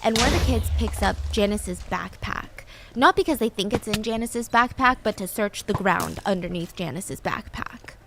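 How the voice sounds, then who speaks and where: A woman tells a true story in a chatty, casual way, tossing in filler words and personal asides. Her pitch sits in a middle range. A steady noisy background with clicks runs under her voice. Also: normal speed, gravelly, few pauses.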